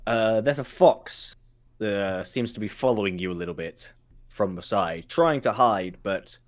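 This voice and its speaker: A man narrating a tabletop game as game master, halting with many fillers. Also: fairly low pitch. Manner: halting, many ums, lively voicing of guards.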